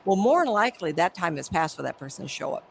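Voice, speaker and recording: A woman's voice: fairly low pitch, big pitch swings, fast, creaky, a little hiss or hum, low-quality recording. A middle-aged woman, a psychic medium, telling stories animatedly in an interview and acting out the voices. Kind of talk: conversational interview storytelling.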